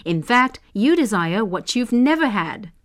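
A woman's voice: a little high, very animated, measured pace. A woman voicing a witty, sly male folk trickster in a storybook reading, with a raised, mock-innocent voice.

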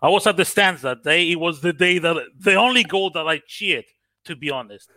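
A man from Cyprus talks football with a bright, fairly high voice. His accent mixes Australian, American and British. He speaks haltingly with many fillers, and the sound is dry and close. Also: expressive, no room sound. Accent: mixed Australian, American and British. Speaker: guest caller. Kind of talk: casual football chat.

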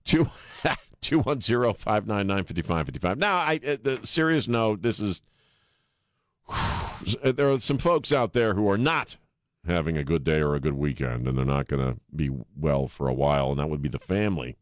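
A man's voice: deep voice, lively intonation, moderate pace, no echo, studio quality. A man hosting a talk radio show, blunt and joking, mixing banter with callers and the news. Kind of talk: talk radio monologue and call-in.

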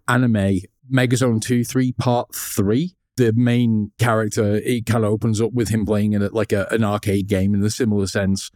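A man's voice: on the low side, flat delivery, moderate pace, hardly any pauses, darkish tone, no echo, studio quality. A man co-hosting a podcast, chatting casually, drifting into tangents and mimicking lines from the show. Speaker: podcast co-host. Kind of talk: casual chat.

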